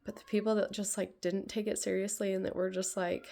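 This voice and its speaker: A woman's voice: medium pitch, flat delivery, a little fast, vocal fry, dark tone. A woman in her thirties sharing a casual personal vlog, rambling with lots of "like", sounding emotional and close to tears. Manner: rambling, heavy use of "like", tearful. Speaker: vlogger.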